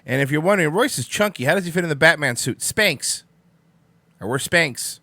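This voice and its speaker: High-pitched, brisk, bright, and forceful, with lively intonation and no echo, a young man runs a casual morning talk show on live stream. Though sleepy and yawning, he rambles sarcastically and swears while handling the chat.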